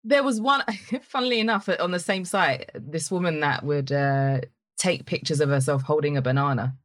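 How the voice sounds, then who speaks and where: A young woman guest chats on a podcast in an easygoing, agreeable way. Her voice sits a bit low, and the recording is dry and close with no room sound. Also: moderate pace, dry recording. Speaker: guest, entrepreneur. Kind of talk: casual chat.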